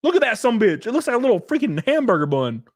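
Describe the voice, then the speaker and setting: Animated man in his thirties ranting. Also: very high-pitched, fast, no room sound, clean studio sound. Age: 30s. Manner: animated, profane, sarcastic. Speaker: live streamer. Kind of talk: casual rant to stream chat.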